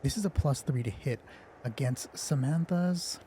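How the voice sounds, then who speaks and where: A man's voice: mid-range voice, a little slow, mellow, a little hiss or hum. Jokey, nervous male game master. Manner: joking, self-mocking and chatty. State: a little nervous. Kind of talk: narrating a tabletop game on a live stream. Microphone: headphones on, streaming from home.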